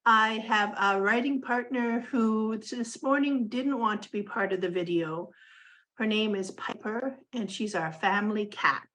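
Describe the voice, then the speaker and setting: A woman author from Canada, a mother of grown twins, speaking gently and in a measured way in a recorded video introduction. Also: medium pitch, low-quality recording.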